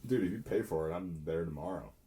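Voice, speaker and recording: A young man with a low, dark, mellow voice who talks quickly in a laid-back way. He chats casually as a podcast guest. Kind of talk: casual chat.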